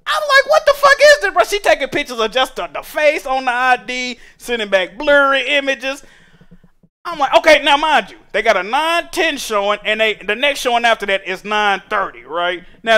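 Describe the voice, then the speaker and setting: High, bright-voiced young man ranting. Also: clean tone. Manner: profane, animated, rising to exasperated shouting. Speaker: streamer. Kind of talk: casual storytelling rant.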